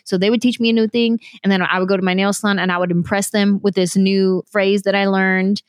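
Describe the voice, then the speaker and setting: A woman's voice: medium pitch, a little fast, smooth, no room sound, clean studio sound. A woman in her thirties from California, a comedian telling stories from her career in a casual interview. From San Jose, California. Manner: animated, quotes herself in little voices. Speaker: comedian guest.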